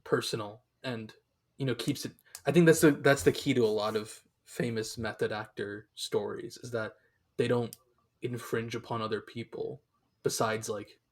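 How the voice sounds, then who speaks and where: A young man co-hosts a podcast in casual chat, speaking at a moderate pace in a mid-range voice with fairly even intonation. He rambles, using lots of fillers and restarts.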